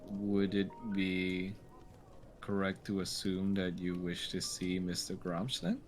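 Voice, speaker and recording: A man's voice: low voice, steady tone, takes it slowly, soft background music. A man doing a polite formal attendant.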